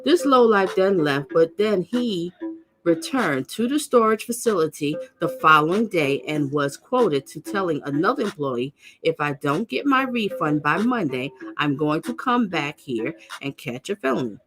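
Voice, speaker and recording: A woman's voice: very animated, moderate pace. A middle-aged woman, reading crime news aloud and breaking off for scornful comments, often stumbling and correcting herself. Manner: blunt and scornful, with sudden high outbursts.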